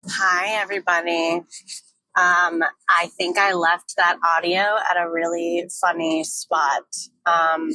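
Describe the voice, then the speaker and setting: A woman's voice: fairly low pitch, level tone, slow pace, sharp tone, no room sound, rough recording. A young woman talking candidly in a frank, joking, often profane monologue, recorded on a phone while she drives her car. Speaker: vlogger.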